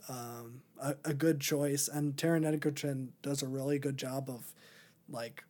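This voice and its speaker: A man's voice: mid-range voice, fairly even intonation, unhurried, a little mellow. Man rambling through a casual movie review. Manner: rambling, many ums and restarts. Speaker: podcast host.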